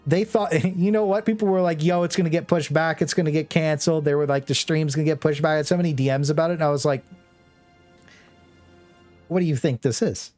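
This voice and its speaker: A man's voice: a little high, steady tone, quick pace, a little mellow, no echo. A young male streamer chats casually with his viewers, rambling and joking between bits of gameplay. His voice is dry and close to the mic, and faint music plays in the background. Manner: rambling, joking, often laughing. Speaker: gaming streamer. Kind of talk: casual live-stream chat.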